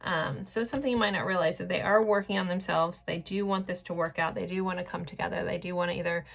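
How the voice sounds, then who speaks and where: A woman in her forties talks through a tarot reading in a loose, rambling way, full of "like" and "um". Her voice sits fairly low and has a gravelly, fried edge. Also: fairly even intonation, fast. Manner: rambling and chatty, with filler words and light laughs. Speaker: tarot reader. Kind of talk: casual pick-a-card tarot reading.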